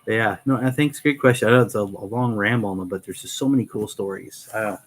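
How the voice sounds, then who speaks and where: Low-voiced man rambling through lore. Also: fast, low-quality recording. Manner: rambling, full of fillers and restarts. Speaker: host of a Q&A channel. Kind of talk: casual rambling storytelling.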